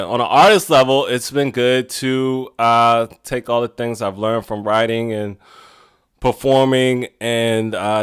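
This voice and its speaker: With a smooth, medium-pitched voice, a male podcast host laughs often as he rambles through stories in a relaxed monologue.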